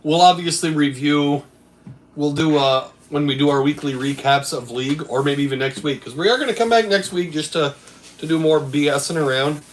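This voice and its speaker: A man's voice: a little high, brisk, slight background noise, rough recording. A man who runs a game store, hosting a casual stream about a game league with a laid-back, rambling way of talking. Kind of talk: casual chat.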